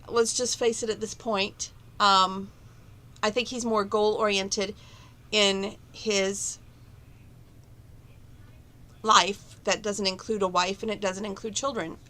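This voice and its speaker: A woman's voice: mid-range voice, sharp tone. A woman chatting to camera from her bedroom at home, rambling and opinionated about relationships and her plans. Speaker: vlogger. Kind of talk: casual chat to camera.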